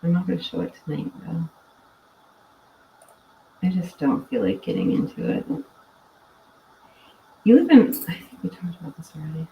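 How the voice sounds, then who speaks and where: A woman's voice: fairly low pitch, big pitch swings, normal speed, gravelly, pauses often, lo-fi sound. A woman hosting a casual livestream, chatting and reading viewer comments with frequent laughs. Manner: chatty, laughs often, tired and winding down. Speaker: livestream host. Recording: echoey room, mic at a distance.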